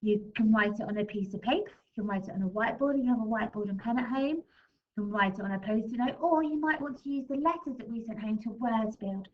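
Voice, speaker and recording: A woman with an English accent teaching a recorded phonics lesson to young children, sounding out letters slowly in a sing-song way. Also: a little high, narrow, tinny audio. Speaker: primary school teacher.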